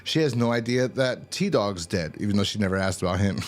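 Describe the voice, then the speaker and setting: A man's voice: on the low side, animated, fairly quick. A man giving a casual, rambling and profane review of a TV episode. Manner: rambling, profane, full of fillers and restarts.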